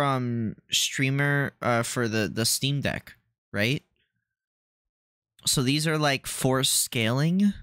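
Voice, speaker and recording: A man's voice: medium pitch, no echo, studio quality. A man casually commentating as he plays a computer game, rambling and hesitant. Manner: rambling, hesitant, full of ums and excited asides. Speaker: streamer.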